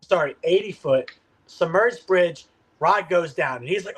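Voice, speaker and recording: Higher-voiced man rambling through a story. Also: moderate pace, a bit bright, breathy edge, rough recording. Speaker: podcast guest. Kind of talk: casual podcast chat.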